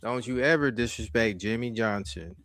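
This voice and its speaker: A man's voice: mid-range voice, moderate pace, crowd noise. A man on a panel in a casual talk show, speaking emphatically. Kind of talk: casual chat.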